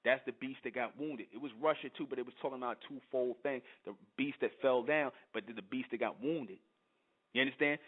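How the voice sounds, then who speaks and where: A blunt, profane man reads old scripture verses aloud and breaks off to comment on them, stumbling and restarting over the archaic wording. He keeps pressing his listeners with "you understand?" His medium-pitched voice comes through a narrow, tinny, phone-like sound. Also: a little fast. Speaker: channel host.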